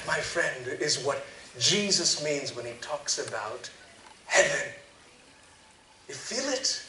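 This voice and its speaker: An enthusiastic male preacher gives a storytelling sermon in a fairly high, animated voice with a bright edge. He sounds distant from the mic, with a roomy echo and faint noise behind him. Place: large event venue. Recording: echoey hall, distant mic.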